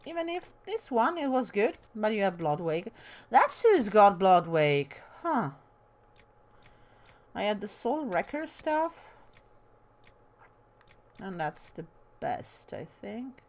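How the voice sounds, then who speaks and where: Taking it slowly and pausing often, a woman with a very animated, mid-range voice gives casual gameplay commentary as a let's play host. She's from Bologna, has a light Italian accent with a slight Bolognese lilt and drama-school trained diction, and rambles with self-deprecating asides.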